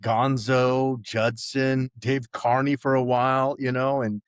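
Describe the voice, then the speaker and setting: A man's voice: medium pitch, little pitch movement, slow pace, clean tone, no room sound. A man in his sixties, a podcast guest telling college stories in a rambling, profane way, full of restarts and "you know"s. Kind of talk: casual storytelling chat.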